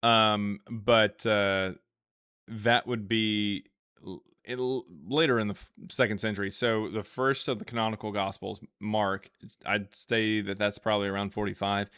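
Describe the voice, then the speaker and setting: A man hosting a live stream, reading viewer questions aloud and answering in a halting, think-aloud way with many fillers and restarts. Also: fairly low pitch, flat delivery, sharp tone, smooth, no echo, clean studio sound.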